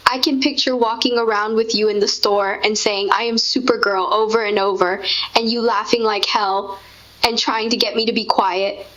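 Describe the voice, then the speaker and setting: A woman's voice: fairly high pitch, a bit bright. A woman reminiscing in a sentimental, gushing way, in casual chat with her partner. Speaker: co-host. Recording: dull lo-fi sound.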